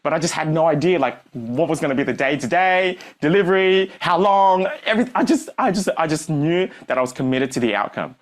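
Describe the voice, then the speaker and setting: A man's voice: on the high side, animated, a little fast, few pauses. A man, a business coach telling a story on stage to a live audience and acting out the dialogue.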